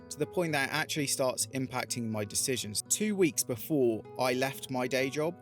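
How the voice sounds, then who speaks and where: A man talks straight to camera, earnest and encouraging, telling stories to make a point. His voice sits at an ordinary middle pitch. A soft guitar plays quietly under him. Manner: earnest, motivational, retells a parable. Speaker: vlogger. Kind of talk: reflective talking-head storytelling.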